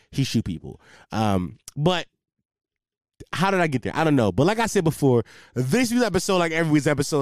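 A young man rambles through a solo podcast after a few drinks, his pitch swinging widely as he jumps between stories. He swears freely and mocks himself. The sound is dry and close, with no room echo. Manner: profane, rambling, self-mocking storytelling. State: tipsy from drinking. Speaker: podcast host. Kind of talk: casual solo podcast monologue. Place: home setup with a ring light, facing camera.

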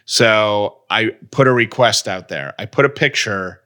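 A man's voice: on the low side, a little slow, bright, forceful tone. A man co-hosting a podcast in casual chat, rambling and interrupting himself. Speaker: podcast co-host.

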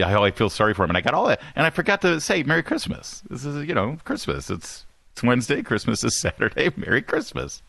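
A man hosting a talk radio show, excitable and self-deprecating, with rambling asides, on a studio microphone. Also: mid-range voice, creaky, no echo.

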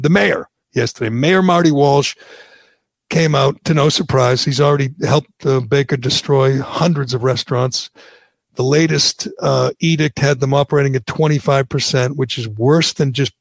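Gravelly talk host. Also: male voice, mid-range voice, dry recording. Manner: sarcastic, indignant ranting. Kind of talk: political talk radio banter.

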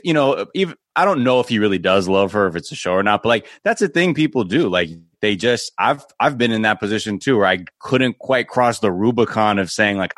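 A man's voice: fairly low pitch, a bit bright, dry recording, clean studio sound. A man guest in casual podcast chat, thoughtful and self-reflective, with some swearing.

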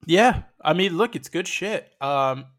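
A man's voice: sits high, expressive, measured pace, a bit bright, no echo, clean studio sound. A man co-hosting a podcast, talking casually and emphatically and swearing freely. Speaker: podcast co-host. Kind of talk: casual chat recapping wrestling.

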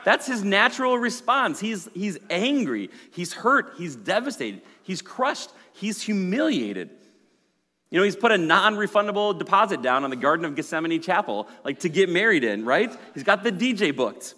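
A male pastor preaching a sermon in a conversational, storytelling way, swinging from loud to hushed. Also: high voice, big pitch swings, moderate pace. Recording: long hall reverb.

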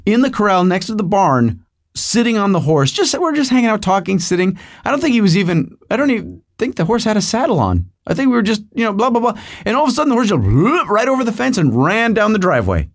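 A man's voice: high voice, big pitch swings, quick pace. A middle-aged man hosting a podcast, telling a rambling comic story with digressions and asides to the listener. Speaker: podcast host.

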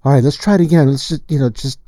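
A man's voice: mid-range voice, racing, no room sound. A man who produces music, telling a studio story in casual chat and acting out the lines he quotes. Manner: animated storyteller, acts out quotes.

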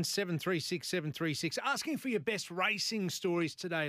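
A chatty man in his forties hosts a morning radio show and spins stories with quick asides. His voice sits a little high and sounds dry and close to the studio mic. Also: a bit bright, no room sound. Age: 40s. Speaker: radio host. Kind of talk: casual radio chat. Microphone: studio microphone.

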